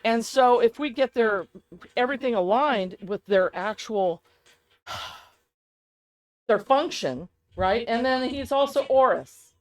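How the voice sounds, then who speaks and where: A woman co-hosting a casual podcast chat, rambling and animated, often laughing as she talks. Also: fairly high pitch, slow, long pauses, poor audio. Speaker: podcast co-host.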